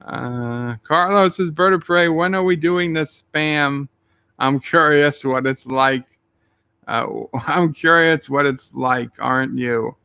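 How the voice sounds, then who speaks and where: A man's voice: on the high side, slow, bright, forceful tone, clean tone, no echo. A man streaming live, reading his chat messages aloud with dry joking asides.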